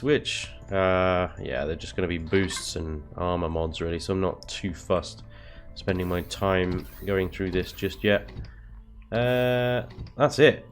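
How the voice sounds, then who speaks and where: A young man hosting a let's play, giving gameplay commentary and reacting with exasperated swearing and laughter at his own mishaps. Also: low-pitched.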